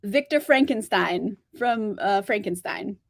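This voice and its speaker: A woman's voice: mid-range voice, lively intonation, a little slow, vocal fry, no room sound, studio quality. A young woman chatting casually on a live stream about books, laughing often and speaking bluntly. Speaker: book streamer answering chat.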